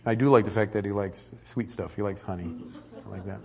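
A middle-aged male pastor preaching a conversational, animated sermon. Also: on the low side, fairly quick, gravelly. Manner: conversational, animated, acts out quotes.

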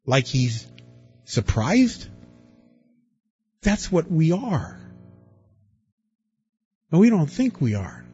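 A man preaching a sermon, lively and dramatic, acting out the people he quotes with big swings in his voice. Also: on the high side, husky, highs cut off. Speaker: pastor.

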